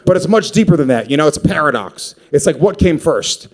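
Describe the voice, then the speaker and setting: A man in his thirties performing a stand-up comedy set on stage, crude and profane, rambling with quick asides. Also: a little high, animated.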